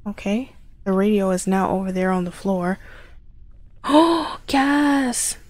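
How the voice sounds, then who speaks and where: Slow-talking woman playing a horror game. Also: mid-range voice, lively intonation, darkish tone, dry recording. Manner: jumpy, gasping reactions. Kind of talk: let's play commentary.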